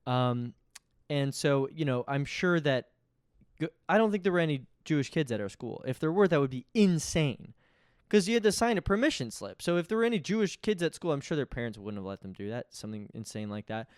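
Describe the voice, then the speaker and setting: A man's voice: a little high, sing-song, brisk, clean tone, dry recording, clean studio sound. A man, hosting a podcast in a rambling, self-interrupting comedic monologue. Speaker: podcast host.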